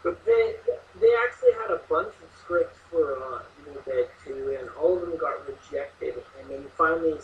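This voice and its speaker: A man chatting excitedly about horror films, laughing often and using lots of fillers. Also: on the high side, normal speed, gravelly. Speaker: co-host reviewing horror films. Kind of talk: casual chat. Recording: distant mic, muffled, faint hiss.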